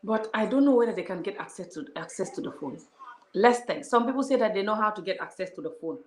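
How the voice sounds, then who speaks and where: A woman's voice: mid-range voice, expressive, quick pace, a little hiss or hum. A woman vlogger ranting to her viewers in a heated, scolding way, talking straight at them. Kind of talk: casual vlog rant to viewers. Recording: roomy echo.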